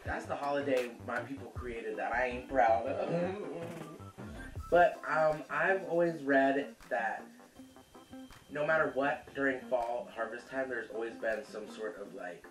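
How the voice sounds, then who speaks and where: A man's voice: medium pitch, measured pace, reverberant, far from the mic, soft background music. A man hosting a casual cooking vlog, chatty and sassy, who calls viewers honey and laughs easily.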